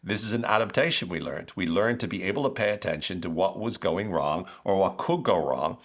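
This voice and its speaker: Lively man explaining to listeners. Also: low voice, fairly quick. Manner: conversational, animated, asks rhetorical questions. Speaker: podcast host. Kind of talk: explanatory educational talk.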